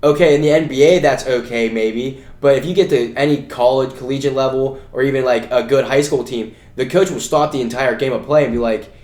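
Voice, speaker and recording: A man's voice: medium pitch, a little fast, hardly any pauses, a little mellow. A young man co-hosting a casual podcast, telling rambling stories full of "you know" and "like". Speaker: podcast co-host. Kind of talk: casual chat. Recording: echoey room.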